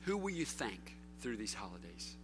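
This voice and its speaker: A man preaching a sermon as pastor, rising to loud calls and dropping to a hush, putting question after question to his listeners. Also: lowish voice, sing-song, normal speed, a little hiss or hum. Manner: preaching with sweeping swings from loud to hushed; calls out rhetorical questions to the congregation.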